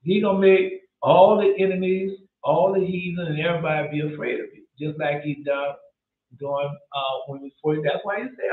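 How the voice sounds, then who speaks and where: A man's voice: fairly high pitch, steady tone, brisk. A man preaching a sermon, reading scripture aloud and commenting on it in an emphatic, repetitive way with frequent restarts. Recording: echoey, phone-like narrow sound.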